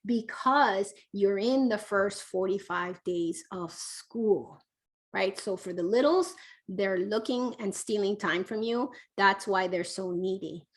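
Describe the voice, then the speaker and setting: Animated woman teaching parents. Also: mid-range voice, slow. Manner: animated, acts out quotes, keeps asking "right?". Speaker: parenting educator.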